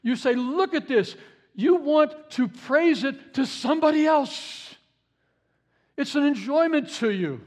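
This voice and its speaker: High-voiced preaching man. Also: animated, a little slow. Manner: conversational, repeats key phrases for emphasis; swings between loud emphatic bursts and soft low asides. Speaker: pastor. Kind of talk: sermon.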